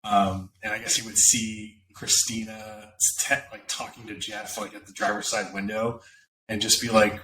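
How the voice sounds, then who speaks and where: A man describing his character's actions in a tabletop game, casual and halting with fillers. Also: lowish voice, little pitch movement, bright, forceful tone, distant mic, slight background noise, low-quality recording. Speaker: player.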